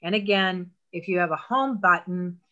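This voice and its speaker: A woman's voice: fairly low pitch, normal speed, bright, forceful tone, muffled recording. A woman teaching an online technology class, walking learners patiently step by step through phone settings with emphatic asides.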